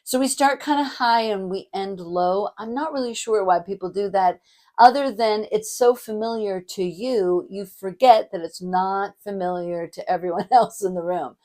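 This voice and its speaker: A middle-aged woman coaching public speaking in a lesson to camera, with a demonstrative delivery that moves between lively hype and a softer, lower tone. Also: moderate pace. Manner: demonstrative, shifts between energetic hype and soft warm tones.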